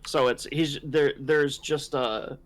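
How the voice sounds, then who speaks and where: Measured man steering the table. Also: fairly high pitch, fairly even intonation. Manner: measured, keeps the group on track. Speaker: tabletop game player. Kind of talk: casual tabletop game chat.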